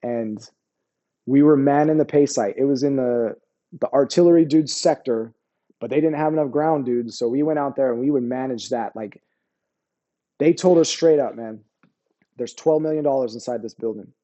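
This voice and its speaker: Man, middle-aged, American army veteran, casual storyteller, slangy, warm low tone, slightly muffled audio. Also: moderate pace. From United States. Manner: laid-back, slangy, repeats "you know what I mean" and "bro".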